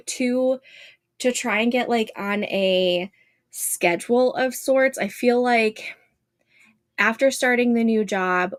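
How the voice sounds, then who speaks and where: A woman's voice: medium pitch, dry recording. A woman in her thirties hosting a casual writing livestream from home, chatting with viewers and greeting them by name.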